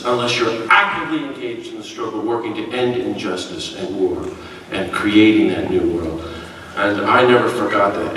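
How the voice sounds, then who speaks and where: A man's voice: fairly low pitch, a little hiss or hum. A man from the United States giving a keynote speech as a priest, telling stories with self-deprecating humor and acting out quotes. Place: large echoey hall. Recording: echoey hall from far off.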